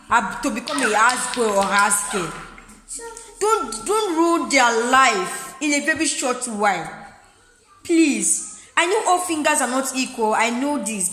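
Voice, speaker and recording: A woman's voice: a little high, fairly bright tone, echoey room, long reverb tail. A woman vlogger making an impassioned, pleading appeal to mothers, repeating herself often. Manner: pleading, repeats herself, breaks off to tend her child. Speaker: vlogger giving advice to mothers. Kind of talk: impassioned direct-to-camera plea.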